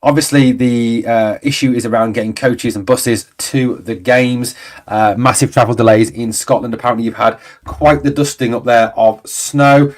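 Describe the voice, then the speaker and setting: A man's voice: medium pitch, steady tone, moderate pace. Rambling middle-aged man on a livestream. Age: 40s. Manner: chatty and rambling, with frequent fillers and exasperated asides. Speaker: fan channel host. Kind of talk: casual livestream chat reading viewer comments.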